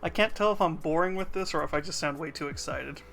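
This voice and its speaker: A man's voice: on the high side, fast, creaky, fairly bright tone, faint music behind. A young man streaming himself painting miniatures, chatting casually and rambling with self-aware asides to a friend. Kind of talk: casual live-stream chat.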